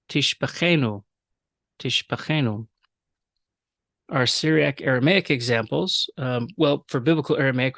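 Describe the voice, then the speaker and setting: A man teaching a recorded language lecture, explaining rules with fillers and repeating example words slowly. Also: mid-range voice, gravelly, fairly bright tone, no room sound, studio quality. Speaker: professor.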